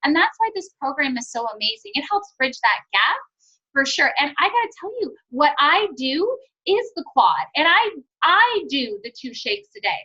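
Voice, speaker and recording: A woman with a high, bright, forceful voice coaches her sales team over a conference call. She talks with upbeat enthusiasm and acts out little sales dialogues. The sound is muffled and lo-fi. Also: big pitch swings, moderate pace. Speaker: network marketing team trainer.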